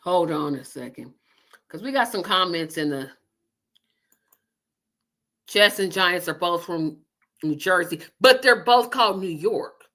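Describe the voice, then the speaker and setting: A middle-aged woman hosts a live online talk show, speaking directly to her viewers with casual, opinionated commentary. Her delivery is emphatic and animated, her pitch fairly low, and her pace measured, with long pauses.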